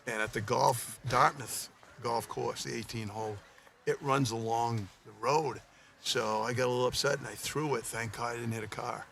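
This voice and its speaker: Gravelly man telling a funny story. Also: mid-range voice, fairly even intonation, normal speed, fairly bright tone, a little hiss or hum. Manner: self-deprecating, chuckling storyteller. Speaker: coach. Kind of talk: casual anecdote-telling. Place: outdoors at a golf course putting green.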